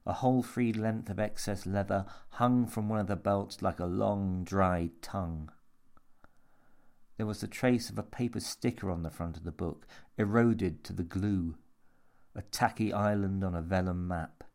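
Man, low voice, horror story narration, measured, deliberate. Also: a little mellow.

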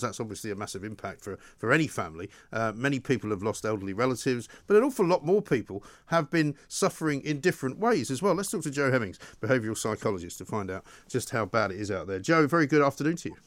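A man's voice: mid-range voice, no room sound. A man hosting a talk radio show, speaking in a forthright, conversational way.

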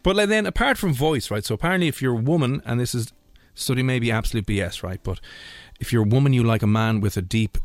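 A man's voice: mid-range voice, lively intonation, fast talker, hardly any pauses, no room sound. A man hosting a radio show, chatting casually in a rambling, jokey way. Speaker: radio host.

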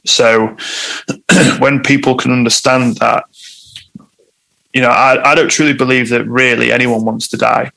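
A man's voice: mid-range voice, steady tone, a little slow, vocal fry, long pauses, sharp tone, low-quality recording. A man, a guest telling a personal story in conversation, candid and reflective.

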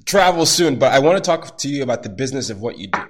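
A man's voice: mid-range voice, expressive, very fast, breathy edge. A young man hosting a podcast, reacting with eager, gushing praise and then asking his guest questions. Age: young adult. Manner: enthusiastic, gushing interjections. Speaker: podcast host. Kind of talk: podcast interview.

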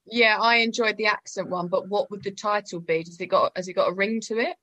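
Comica britannica che riflette ad alta voce. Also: female voice, mid-range voice, fairly even intonation, fairly quick, sharp tone. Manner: musing, rhetorical questions. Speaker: comedian panelist. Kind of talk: comedy panel banter.

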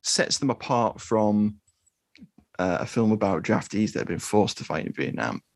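A man co-hosting a podcast, talking about a film in a relaxed, measured way. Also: lowish voice, no echo, clean studio sound. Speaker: podcast co-host. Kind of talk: casual film discussion.

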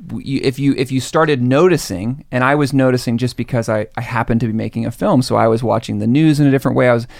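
A man talking as a guest on a podcast, reflective and building his thoughts slowly. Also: mid-range voice, gravelly, no echo, clean studio sound. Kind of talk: casual podcast chat.

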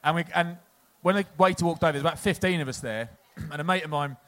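An English man in his forties tells rambling stories on stage and keeps laughing at his own punchlines. His voice sits a little high for a man, and he loses the thread and picks it back up as he goes. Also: fast talker, a bit bright. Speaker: podcast co-host, former rugby player. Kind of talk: live comedic storytelling.

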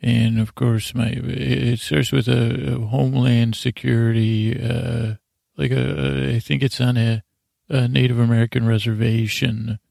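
A man hosting a sleep podcast, recapping a show in a meandering, halting way with deadpan asides. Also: medium pitch, creaky, no echo, studio quality. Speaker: podcast host.

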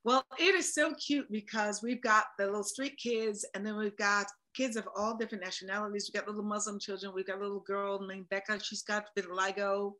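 A woman's voice: mid-range voice, steady tone, brisk, hardly any pauses, bright, forceful tone, rough recording. A woman, a voice actor and producer, talking animatedly and with emphasis as a guest in a casual interview.

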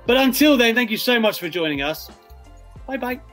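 A man's voice: extremely high pitch, expressive, normal speed, a bit bright, soft background music. A man hosting a casual wrestling podcast, chatting in a rambling way with frequent restarts. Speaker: podcast host.

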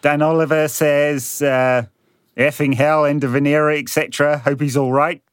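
A man's voice: fairly high pitch, level tone, normal speed, smooth, no echo. A man co-hosting a podcast, reading listener questions in a dry, sardonic way. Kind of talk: casual podcast chat.

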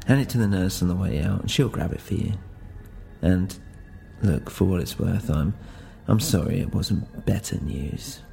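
A man's voice: low voice, animated, moderate pace, gravelly, dark tone, faint music behind, heavily acted. A man voicing a hospital doctor who speaks hesitantly and apologetically. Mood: apologetic. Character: male hospital doctor giving bad news.

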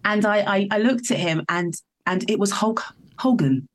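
A woman's voice: medium pitch, normal speed. A woman from the countryside, a musician telling a story as a guest in a casual interview, rambling and laughing as she goes. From England.

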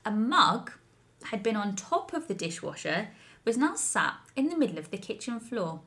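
A woman's voice: mid-range voice, normal speed. Woman co-host, chatty and giggly, tells ghost stories in casual banter. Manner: giggly, animated storyteller. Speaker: podcast co-host.

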